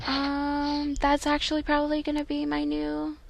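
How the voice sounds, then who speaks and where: High-pitched, giggly woman co-host. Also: completely flat delivery, normal speed, creaky. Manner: giggly, filler-heavy. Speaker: podcast co-host. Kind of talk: casual podcast banter.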